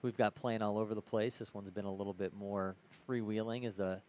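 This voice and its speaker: A man's voice: fairly low pitch, fairly even intonation, a little fast, darkish tone, slight background noise. A man from Ohio calling a live baseball game play-by-play in an easygoing way, correcting himself as he goes. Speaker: play-by-play commentator.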